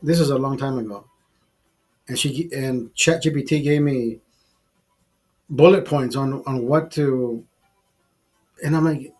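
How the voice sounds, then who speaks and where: A man's voice: medium pitch, measured pace, long pauses, a little mellow, faint music behind. A man hosting a casual livestream, rambling, swearing freely and laughing at his own jokes. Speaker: livestream host. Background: bar setting.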